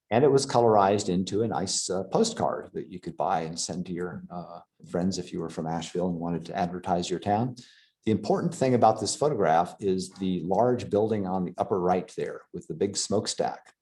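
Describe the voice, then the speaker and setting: Man, very deep voice, halting slide lecture, lots of ums and restarts. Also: darkish tone. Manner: halting, many fillers and restarts.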